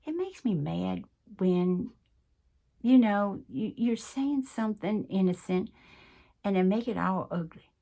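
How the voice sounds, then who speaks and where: Woman in her sixties, Southern US accent, casual chat to camera, folksy and earnest, middle-pitched voice. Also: expressive, a little slow, creaky, warm tone. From American South. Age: 60s. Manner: chatty, earnest, folksy, with many "y'all" and "you know". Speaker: craft channel host.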